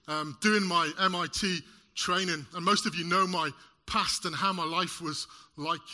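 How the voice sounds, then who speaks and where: A man preaches to a congregation with a very bright, ringing tone, pitched a little high. He talks in an animated way, using props and joking with the listeners. The sermon is lively and personal. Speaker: lay preacher. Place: church service in front of a congregation.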